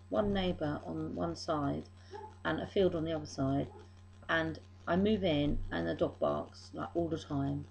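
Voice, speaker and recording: Tearful woman with a gravelly voice. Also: on the low side, a little mellow, highs cut off. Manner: rambling, apologetic, self-deprecating. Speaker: vlogger. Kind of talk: emotional diary vlog.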